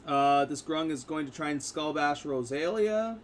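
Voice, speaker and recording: A man narrating a tabletop game as game master, in a casual, halting way with fillers. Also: a little high, animated, noisy background.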